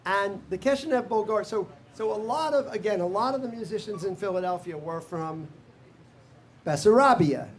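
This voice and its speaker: High-voiced older man leading a music workshop. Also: expressive, moderate pace, slight background noise. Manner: scats melodies, counts in, laughs often. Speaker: workshop leader. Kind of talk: teaching a live music workshop.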